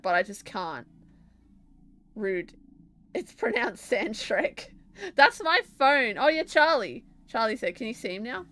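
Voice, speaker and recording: A young Australian woman with a highish, slightly bright voice chats casually and giggles while streaming from home, answering her chat as she plays and draws.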